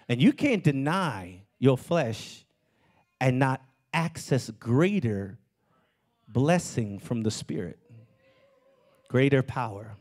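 Animated male pastor preaching. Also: medium pitch. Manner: animated preaching with sudden shouted climbs. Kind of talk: sermon. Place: church sanctuary.

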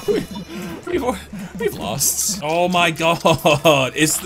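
A man's voice: fairly high pitch, wildly swooping pitch, extremely slow, gravelly, music in the background. A young man giving gameplay commentary, ranting, swearing and joking about his losses. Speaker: game commentator.

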